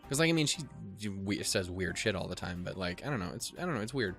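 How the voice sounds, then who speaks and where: A man hosting a let's play, talking casually and swearing freely as he rambles with enthusiasm between passages of game text he reads aloud. His pitch moves around a lot, and faint music plays underneath. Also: lively intonation, fast talker, gravelly, fairly bright tone.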